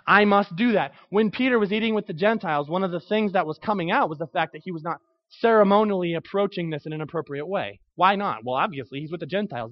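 A man's voice: high voice, highs cut off. A man preaching a conversational sermon, asking his listeners questions and answering them. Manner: conversational, asks the audience questions. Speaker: pastor.

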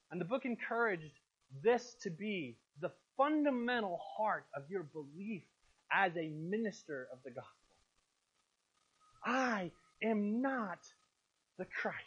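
A man's voice: high voice, bright, forceful tone, husky. A male pastor giving a sermon, emphatic and questioning his congregation. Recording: muffled lo-fi recording.

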